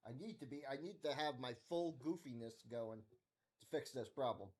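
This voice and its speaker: A man's voice: medium pitch, normal speed, breathy edge. A man live-streaming his coding, thinking aloud in a goofy, rambling, sing-song way.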